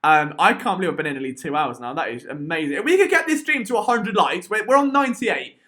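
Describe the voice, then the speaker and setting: A young English man hosting a live stream, talking in an excitable, rambling way. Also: sits high, quick pace. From England.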